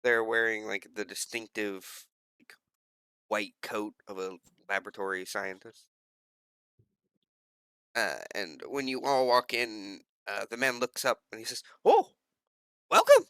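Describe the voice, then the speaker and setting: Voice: mid-range voice, measured pace, long pauses, pushed and bright, clean tone, no echo. A game master narrating a tabletop role-play scene, rambling with lots of fillers and self-corrections.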